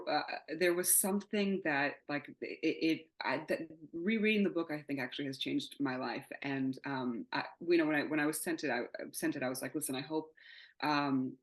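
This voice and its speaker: A woman's voice: low-pitched, rough recording. A woman in her thirties, a playwright giving an interview in candid, rambling casual chat, often laughing and swearing. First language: not English. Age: 30s. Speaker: playwright guest.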